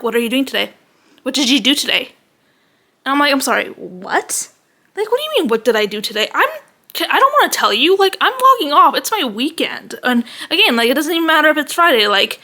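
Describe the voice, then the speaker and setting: A young adult woman venting in a casual vlog, animated and sweary, peppering her talk with "like", a little out of breath. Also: high-pitched. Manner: animated, heavy use of "like", swearing. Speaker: vlogger.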